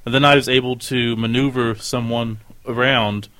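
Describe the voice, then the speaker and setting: A man's voice: medium pitch, fairly even intonation, normal speed, a bit bright, no echo. Dry-spoken male podcast guest. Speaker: podcast guest, tournament player. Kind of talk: casual podcast chat.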